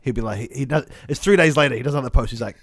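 A man co-hosting a comedy podcast, spinning an absurd story in a dry, deadpan way. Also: mid-range voice, very fast, no echo.

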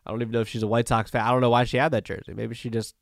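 A male podcast host running through sports news in a casual, rambling way, full of "you know" and "uh". His voice sits at an ordinary middle pitch. The sound is dry and close, with no room echo. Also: flat delivery, racing, gravelly. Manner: loose and conversational, with many fillers and restarts. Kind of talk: casual solo sports talk.

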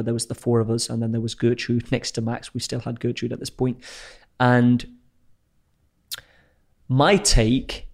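A young man, an explorer, telling a story casually and animatedly, swearing freely and acting out what people said. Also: mid-range voice. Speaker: explorer telling his adventures as a guest.

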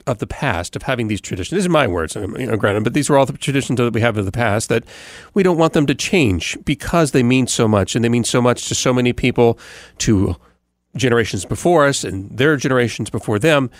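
A man who hosts a morning radio show talks through his daily recap in a loose, rambling way. He stops for fillers and restarts his sentences often. His voice is mid-pitched and sits on a dry, close mic. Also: lively intonation, a little fast, no room sound. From United States. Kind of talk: casual podcast recap monologue.

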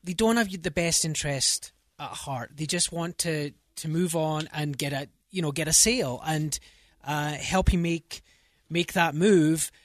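A man's voice: a little high, unhurried, no room sound, clean studio sound. A man with a Scottish accent, a realtor guest chatting on a radio talk show, earnest and sales-minded, often repeating words as he goes. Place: radio studio.

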